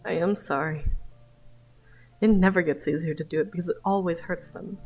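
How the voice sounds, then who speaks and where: A woman voicing a calm, gentle ghostly healer spirit in a comic read-along, speaking softly and formally with faint music behind. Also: on the low side, moderate pace, low-quality recording. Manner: soft, formal, reassuring. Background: faint background music.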